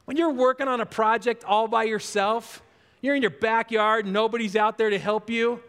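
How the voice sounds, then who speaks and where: A man preaching to his congregation in a conversational, dramatic way, sliding down low and soft when he voices the doubting inner voice. His voice sits very high for a man. The sound carries the long reverb of a church sanctuary. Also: fairly even intonation, normal speed, smooth. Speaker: pastor. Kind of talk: sermon.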